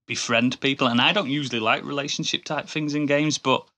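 An enthusiastic man chats casually as a podcast co-host, his voice bright and forceful. He rambles and restarts his sentences, piling on praise as he goes. His pitch sits in the middle. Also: fairly even intonation, fairly quick. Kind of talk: casual chat.

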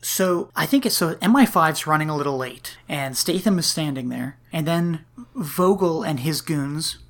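A man's voice: fairly high pitch, normal speed. A man co-hosting a podcast, recapping a film's plot in casual chat, laughing often and hedging with lots of likes. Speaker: podcast co-host. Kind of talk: casual movie-review chat.

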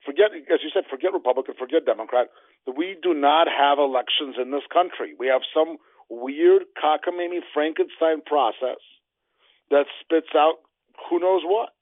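A man's voice: fairly high pitch, normal speed, dry recording. A man from New Jersey giving heated, emphatic political commentary as a guest. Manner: emphatic, declamatory. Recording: tinny phone line.

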